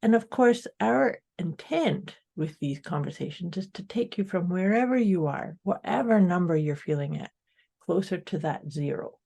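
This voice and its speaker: A woman's voice: on the low side, expressive, normal speed, vocal fry, dark tone, slightly rough. A woman co-hosting a podcast in an upbeat, casual way, speaking directly to her listeners. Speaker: podcast co-host. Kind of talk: casual motivational chat.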